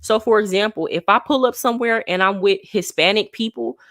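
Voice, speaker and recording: Animated woman telling a story on a livestream. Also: mid-range voice, a little fast, no room sound, clean studio sound. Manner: animated, acts out quoted voices. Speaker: livestream host.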